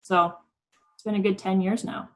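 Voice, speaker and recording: A woman's voice: mid-range voice, little pitch movement, normal speed, low-quality recording. Woman in her thirties, friendly storyteller. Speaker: senior district manager. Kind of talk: casual interview chat.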